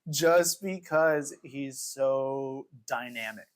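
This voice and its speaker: A man's voice: mid-range voice, drawn-out words. A young man co-hosting a casual poker podcast, joking, laughing often and swearing freely. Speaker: co-host.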